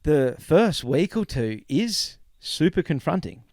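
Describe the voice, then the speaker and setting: A middle-aged Australian man in easy podcast talk, slightly high for a man and lively in his telling. His voice sits close and dry, with no room around it. He slips into quoted voices as he goes. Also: slow pace, dry recording. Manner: animated storyteller, acts out quotes. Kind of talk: casual podcast conversation.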